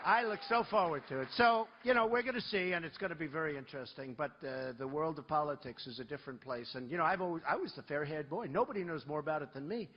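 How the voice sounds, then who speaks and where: A presidential candidate speaking at a campaign rally, telling rambling, boastful stories in a conversational way. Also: male voice, a little high, fast, hardly any pauses, lo-fi sound, slight background noise. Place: large rally venue.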